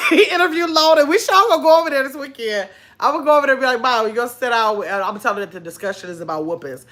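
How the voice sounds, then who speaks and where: This middle-aged woman runs a laid-back livestream chat as the channel's host, spinning stories and reading out comments from viewers amid plenty of laughter. Her fairly bright voice sits high, and she's animated and talks very fast.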